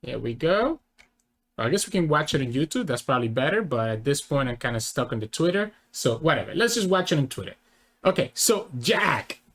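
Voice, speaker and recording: A man's voice: fairly high pitch, sing-song, a little fast, a bit bright. A man hosting a casual reaction video, rambling and correcting himself mid-thought. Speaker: channel host.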